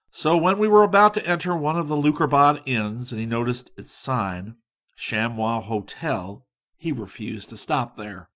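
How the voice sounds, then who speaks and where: A man reading a humorous travel story aloud in a measured, dry, wry storytelling manner. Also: mid-range voice, fairly bright tone. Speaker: audiobook narrator. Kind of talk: scripted narration.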